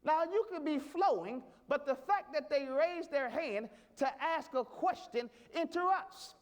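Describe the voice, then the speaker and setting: A man's voice: very high voice, lively intonation, a little slow. A man pastor a sermon, emphatic, repeating his questions for effect.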